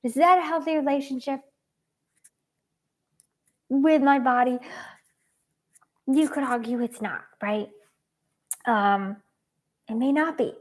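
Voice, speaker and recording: A woman's voice: sits high, slow pace, pauses often. A young adult woman giving casual, earnest advice as a dietitian host, with frequent ums.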